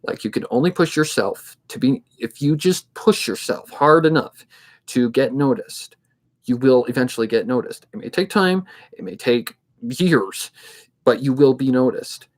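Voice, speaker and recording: Young man with a steady, flat-ish delivery. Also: medium pitch, normal speed. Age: 20s. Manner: steady, somewhat monotone delivery with a rambling, thinking-aloud pace. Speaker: fanfic reading narrator. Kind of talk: casual livestream chat.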